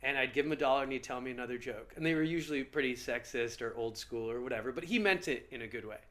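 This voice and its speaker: A male comedian guest telling stories in a casual podcast interview with an animated, lively manner. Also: medium pitch, quick pace.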